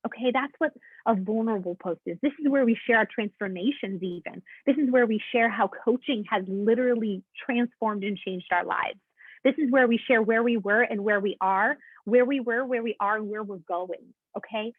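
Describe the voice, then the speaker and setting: A woman's voice: fairly high pitch, normal speed, dry recording. A woman coaching her team on a call, chatty and encouraging, checking in with her listeners often. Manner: chatty, keeps checking in with "okay?"; encouraging, addresses listeners as "guys". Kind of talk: motivational coaching talk. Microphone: call audio. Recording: tinny, dry phone-line sound.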